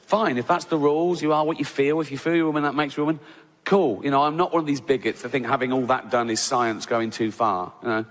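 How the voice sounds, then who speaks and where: A man's voice: mid-range voice, fairly bright tone. A man doing stand-up comedy, rambling through self-interrupting asides and laughing at his own jokes. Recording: reverberant hall with audience noise.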